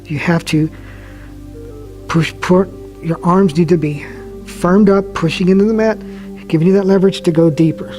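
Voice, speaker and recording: A man leading a yoga class, giving calm, slow step-by-step cues and often dropping his voice softly. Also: high voice, soft background music. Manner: calm, slow guiding cues with soft drops in volume. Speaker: yoga instructor. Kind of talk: guided yoga class instruction.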